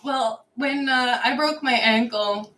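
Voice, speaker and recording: A woman co-host reads viewer comments aloud in a slightly high voice, then slips into easy chat. She laughs often as she tells her stories. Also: slow, bright, forceful tone, rough recording. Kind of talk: live stream chat.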